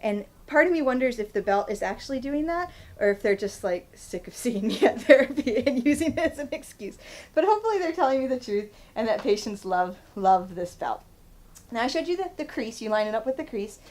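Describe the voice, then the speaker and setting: A woman's voice: fairly high pitch, animated, fairly quick, darkish tone, low-quality recording. A woman in her thirties, a physical therapist, demonstrating stretches in a chatty how-to vlog and laughing at herself. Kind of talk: instructional vlog demo.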